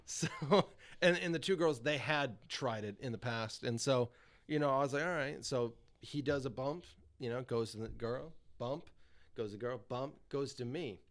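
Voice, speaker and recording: A man's voice: mid-range voice, normal speed. A young man, a podcast guest, telling a story casually and animatedly, swearing and laughing as he goes.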